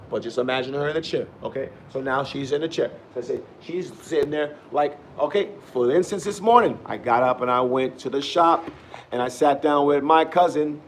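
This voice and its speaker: A middle-aged man talks straight to his camera in a loose, rambling vlog, slipping between loud preachy sermonizing and quiet, musing asides. His voice sits at an ordinary middle pitch, with a faint hiss of noise in the background. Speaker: vlogger.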